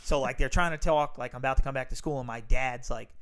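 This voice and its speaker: A man's voice: medium pitch, quick pace, a bit bright. A young man with a Long Island accent, co-hosting a podcast and telling rambling, profane stories full of fillers. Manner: rambling, swears a lot, many fillers. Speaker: podcast co-host. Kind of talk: casual storytelling chat. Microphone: home studio mic.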